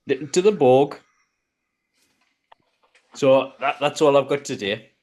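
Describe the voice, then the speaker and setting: A man co-hosting a casual podcast, talking hesitantly with many pauses and restarts. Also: medium pitch, lively intonation, darkish tone.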